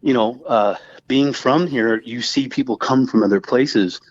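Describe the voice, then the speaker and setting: A man's voice: medium pitch, a little slow, lo-fi sound. Laid-back Southern Californian man, rambling. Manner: rambling, laughs often, acts out quoted voices. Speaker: guest musician. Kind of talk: casual interview chat.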